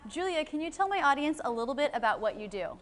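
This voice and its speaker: A woman hosting an interview about pronunciation, encouraging and quick with short affirmations. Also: sits high, sing-song. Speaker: host of an English pronunciation channel. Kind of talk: friendly interview.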